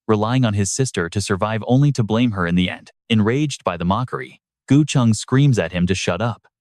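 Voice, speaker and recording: Male recap narrator: low, steady storyteller, dry booth sound. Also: no echo. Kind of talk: scripted narration.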